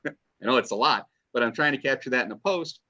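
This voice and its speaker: A fan writer guesting on a podcast speaks briskly in a sharp, medium-pitched voice that swoops wildly in pitch. He rambles enthusiastically with restarts, recorded in dull lo-fi audio.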